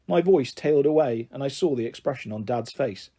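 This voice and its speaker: Man reading a storybook, mellow voice. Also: mid-range voice, lively intonation, a little fast, few pauses, breathy edge.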